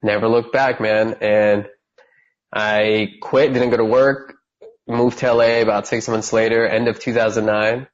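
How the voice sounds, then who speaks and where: With the highs cut off in the audio, a podcast guest in his thirties from California recounts his story in an unhurried, lowish voice. He brings lots of energy to it and acts out the quoted voices of the people involved.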